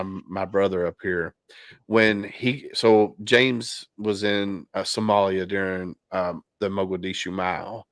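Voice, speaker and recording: A man hosts a relaxed podcast conversation from his home. His voice sits on the low side and sounds dry, with no room echo. He talks candidly, circling back with restarts and fillers. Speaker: podcast host. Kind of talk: casual podcast chat. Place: home basement.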